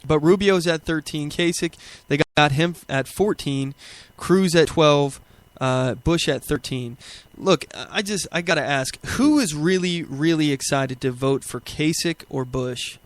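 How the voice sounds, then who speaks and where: A man hosts a political talk podcast. His voice sits a little high, and he rambles, restarts his sentences and fills pauses. He sounds slightly out of breath. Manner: rambling, with many fillers and restarts. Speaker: podcast host. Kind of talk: casual political commentary.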